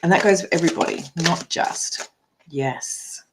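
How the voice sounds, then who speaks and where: A woman's voice: fairly low pitch, a little slow, background noise. A middle-aged woman coach giving a live card reading, speaking emphatically, swearing freely, calling viewers by name and often tagging sentences with "right?". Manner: frequent tag "right?". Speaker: spiritual and business coach.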